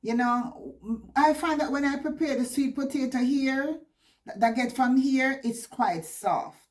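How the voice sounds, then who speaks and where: Woman, Jamaican accent, casual vlog storytelling, animated, patois phrases. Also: high-pitched, measured pace. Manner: animated, laughs often, mixes in Jamaican patois. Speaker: vlogger. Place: living in the West Country of England.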